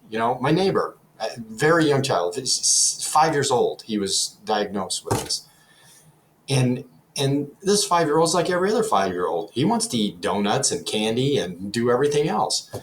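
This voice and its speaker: A man's voice: fairly low pitch, slight background noise, rough recording. A middle-aged man speaking earnestly as an interview guest, often restarting his phrases. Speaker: guest, nonprofit executive director. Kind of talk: conversational interview.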